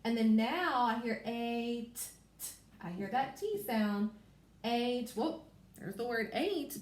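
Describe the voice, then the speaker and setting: A first grade teacher with a Kentucky accent gives a reading lesson to young children, sounding out letters slowly and clearly. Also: female voice, fairly high pitch, animated, reverberant.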